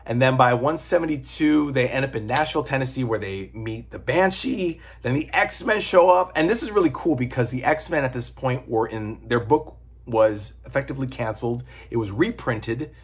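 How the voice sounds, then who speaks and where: A man talks through a comic collection in a loose, rambling way, with the odd swear word. His voice has a husky grain and sits at an ordinary middle pitch. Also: moderate pace. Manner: rambling, profane, digressive. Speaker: comic book reviewer. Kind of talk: casual chat.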